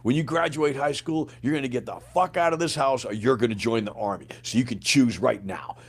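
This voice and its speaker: A man voicing his angry, gruff working-class father, blunt and scolding. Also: mid-range voice, brisk. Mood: threatening.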